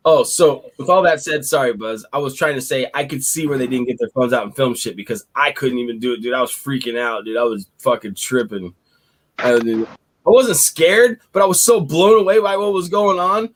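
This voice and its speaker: A man telling a wild story in casual chat, animated and profane, getting excited as he tells it. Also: medium pitch, normal speed.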